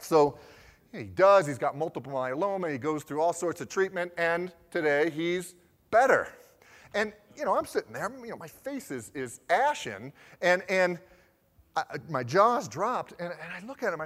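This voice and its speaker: A man in his forties giving a talk, telling lively stories and acting out the conversations he recounts. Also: a little high, normal speed. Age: 40s. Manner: lively anecdotal storytelling, acting out the dialogue he recounts. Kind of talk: storytelling talk. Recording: long hall reverb.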